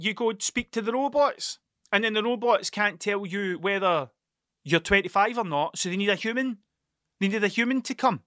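High bright-voiced sweary Scottish man. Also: dry recording, clean studio sound. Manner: sweary, tangent-prone, laughs at himself. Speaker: podcast host. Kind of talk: rambling monologue.

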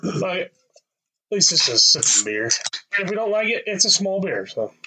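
A man's voice: high-pitched, big pitch swings, normal speed, pushed and bright, a little hiss or hum, rough recording. A man co-hosting a beer-tasting podcast, joking crudely and swearing freely in casual chat. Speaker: podcast co-host.

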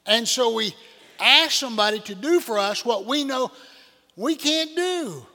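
A man's voice: very high-pitched, expressive, a little slow, bright, forceful tone. An older man, preaching a folksy sermon full of rhetorical questions to his congregation. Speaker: pastor. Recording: church hall reverb.

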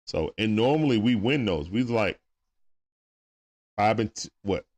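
A man's voice: on the low side, animated, a little slow, a little mellow. A young man hosting a live stream, chatting casually with viewers and reading their comments in a laid-back, slangy way.

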